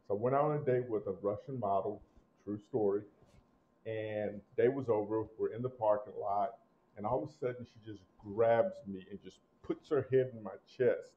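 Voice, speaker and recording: Male host, low voice, punchy delivery, slightly dull lo-fi sound, casual review. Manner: animated, emphatic, swings between loud punches and low asides.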